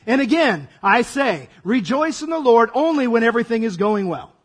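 A man preaching a sermon as pastor, his voice hoarse and raspy, acting out dramatic asides. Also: very high-pitched, sing-song, normal speed.

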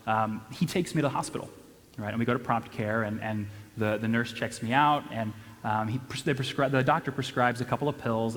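Young man, church event storyteller, animated and self-mocking, mid-pitched, big reverberant hall. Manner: animated, self-deprecating, many restarts and "right?". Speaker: church speaker. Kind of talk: storytelling talk to an audience.

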